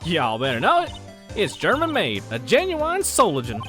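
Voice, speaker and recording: Brash young Southern woman, thick folksy drawl, animated,. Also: mid-range voice, moderate pace, faint music behind. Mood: chatty. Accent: put-on Southern US.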